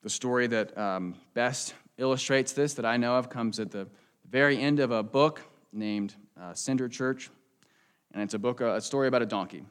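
A man preaching a sermon in a church as a pastor, in an earnest, conversational way, and closing in a quiet prayer. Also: medium pitch, normal speed, smooth.

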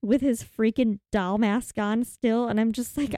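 A woman recapping a horror movie in casual chat, animated and dramatic, acting out the characters' lines. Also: a little high, measured pace, no echo, clean studio sound.

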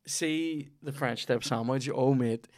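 A man's voice: medium pitch, slow, a little mellow, no echo, clean studio sound. A Northern Irish man hosting a podcast, rambling through a profane, jokey sponsor read. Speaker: podcast host. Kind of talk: sweary comedic ad read.

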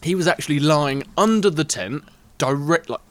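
A man's voice: on the high side, normal speed, noisy background. A man telling a festival story in casual chat, acting out the voices of the people in it and laughing often.

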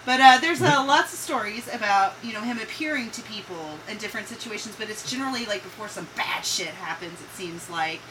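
A woman's voice: medium pitch, fairly quick, few pauses, a bit bright. A woman from the Ozarks telling folklore in a rambling, casual podcast chat, laughing and swearing freely. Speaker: podcast co-host. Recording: distant mic, noisy room.

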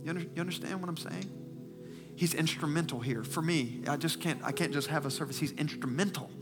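A male pastor preaching a sermon, swinging from loud, impassioned declarations to hushed, near-whispered confessions while holding back tears. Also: fairly high pitch, brisk, music in the background.

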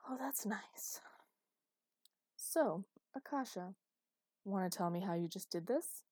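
A woman reading the lines of a tired, affectionate young man who teases gently, in a storybook reading. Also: mid-range voice, animated, a little slow, no echo, clean studio sound. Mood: teasing. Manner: wry and gently teasing. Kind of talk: audiobook character voice.

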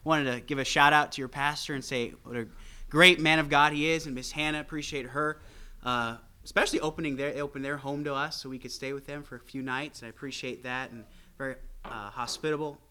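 A man's voice: mid-range voice, fairly even intonation, brisk, sharp tone, clear, resonant tone. An American man preaching a sermon in a conversational way, with frequent restarts and fillers, into a handheld microphone. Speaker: guest preacher.

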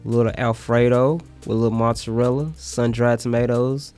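Fast-talking upbeat man. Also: medium pitch, little pitch movement, a little mellow, faint music behind. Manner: upbeat, eager to describe the menu. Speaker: pizza shop guest. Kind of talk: casual podcast chat.

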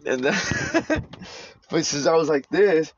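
A man's voice: on the high side, fairly quick, a little hiss or hum. A man casually telling a rowdy story, swearing and laughing as he acts out what people said. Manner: profane, laughing storyteller acting out voices. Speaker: podcast host. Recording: dull lo-fi recording with faint music.

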